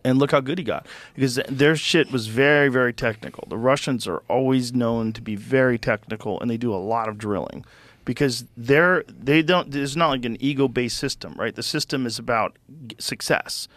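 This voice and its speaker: A male podcast host talking casually in a studio with a close mic and a dry sound, no room echo. He explains with animated enthusiasm and swears freely. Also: medium pitch, moderate pace. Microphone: studio microphone.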